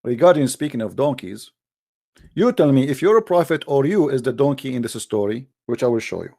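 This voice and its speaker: A man's voice: medium pitch, lively intonation, a little fast, gravelly, dark tone. A man hosting a heated religious debate in non-native English, combative and mocking, often repeating himself. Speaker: debate show host.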